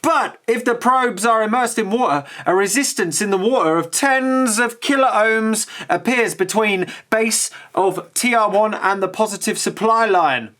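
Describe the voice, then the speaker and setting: A man's voice: high-pitched, measured pace, hardly any pauses, fairly bright tone. A man hosting a video, reading an old electronics magazine aloud and chatting about the circuits with enthusiastic asides. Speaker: host.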